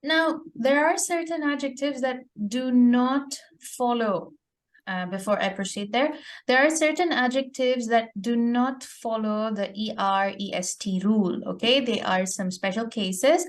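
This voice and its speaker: A woman's voice: fairly high pitch, a little slow. A woman teacher giving a grammar lesson, explaining step by step and often checking her student's understanding with "okay?". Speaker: English teacher.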